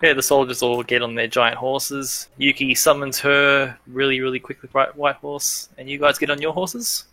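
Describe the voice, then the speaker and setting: A man's voice: medium pitch, little pitch movement, normal speed, few pauses, pushed and bright, slight background noise. A man narrating as game master of a tabletop role-playing game, hesitant and full of fillers and restarts.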